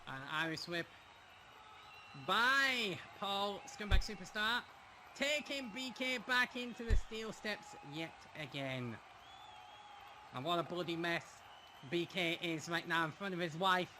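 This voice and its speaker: High-voiced excited wrestling play-by-play man. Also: unhurried, background noise. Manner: dramatic, laughs often. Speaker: play-by-play commentator.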